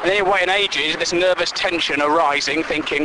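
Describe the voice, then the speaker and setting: A man's voice: a little high, brisk, hardly any pauses, noisy background. A man giving a rambling, sweary comic monologue, exasperated and jumping between bits.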